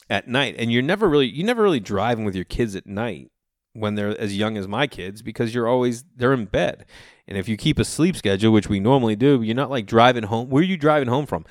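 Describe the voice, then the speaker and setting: A man from the Boston area telling rambling casual stories, jumping into animated voices for the people he quotes. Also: medium pitch, moderate pace, dry recording, clean studio sound. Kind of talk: casual storytelling monologue.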